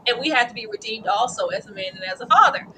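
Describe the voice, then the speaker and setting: Woman co-host, higher voice, lively delivery, casual slangy review chat. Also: fast talker, a little hiss or hum. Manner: expressive, laughing, slangy, talks to the chat.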